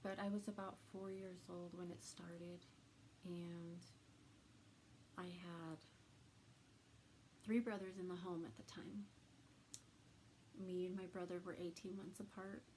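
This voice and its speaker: A woman vlogger telling a personal story to the camera, soft-spoken and halting, with trailing pauses. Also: fairly low pitch, little pitch movement, a little hiss or hum, rough recording.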